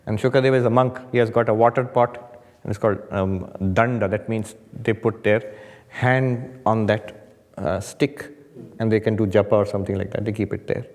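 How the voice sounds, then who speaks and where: A man's voice: lowish voice, moderate pace. Man teaching in an echoing hall. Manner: animated storytelling with humor, rising emphasis. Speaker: monk teaching a meditation retreat. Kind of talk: spiritual talk to an audience. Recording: hall with long reverb. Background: audience laughter.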